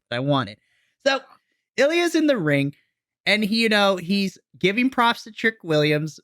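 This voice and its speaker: A man co-hosting a podcast, chatting casually and excitedly, often acting out quoted reactions as he recaps. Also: a little high, clean tone, no echo, clean studio sound. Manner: excitable, animated storytelling with quoted asides. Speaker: podcast co-host. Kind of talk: casual wrestling recap chat.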